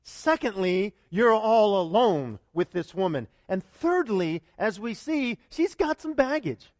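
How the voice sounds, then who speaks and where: Male pastor, very high and animated voice, chatty sermon full of questions, dry close sound. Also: takes it slowly, no echo. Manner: conversational and animated, with many repeated starts and rhetorical questions.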